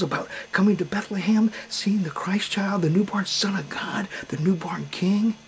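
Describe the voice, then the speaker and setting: A man's voice: sits high, a little hiss or hum, poor audio. A man telling a heartfelt story to his children, dramatic, often dropping to a whisper and swelling at tense moments.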